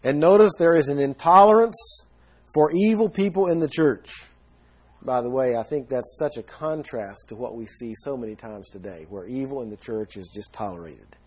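Husky-voiced man preaching a sermon. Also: mid-range voice, normal speed. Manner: earnest teaching tone, emphatic stresses.

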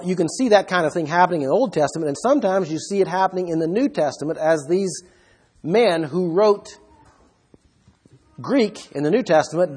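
A man with a slightly husky, somewhat higher voice gives a Bible study lecture. He explains the verses step by step and keeps putting rhetorical questions to his listeners. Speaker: Bible teacher.

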